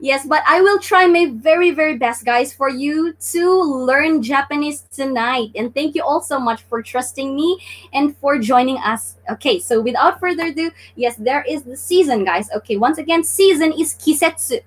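Speaking at a normal speed with a voice that sits high, a Filipina woman runs a laid-back Japanese lesson over live stream. She's chatty, her talk packed with fillers and lots of "guys."

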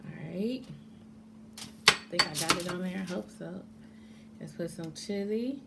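A woman chatting casually to camera as a mukbang vlogger, excitable and calling her viewers y'all. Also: on the low side, a little slow, gravelly, heavy background noise.

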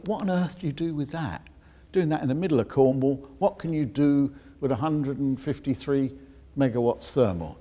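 A geoscientist giving a public lecture, explaining technical details with dry asides to the audience. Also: male voice, lowish voice, a little mellow, slightly rough.

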